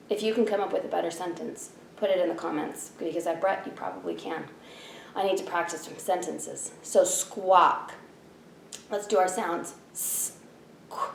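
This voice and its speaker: A woman's voice: lowish voice, gravelly, reverberant, slight background noise. A woman teacher in her thirties giving a spelling lesson from home, patiently sounding out each letter.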